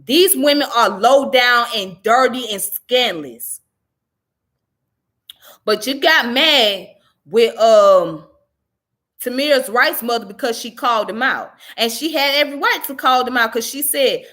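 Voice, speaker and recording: A woman with a somewhat high-pitched voice reads a news article aloud at an even pace. She breaks off often to comment on it. Her commentary is blunt, profane and indignant. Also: unhurried. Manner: indignant, profane, rising to angry outbursts. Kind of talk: reading news and ranting commentary.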